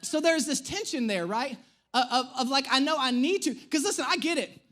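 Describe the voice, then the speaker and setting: A man in his thirties, a pastor, telling a humorous personal story in an animated, self-mocking way during a sermon. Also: very high-pitched, a little fast. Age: 30s. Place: church stage.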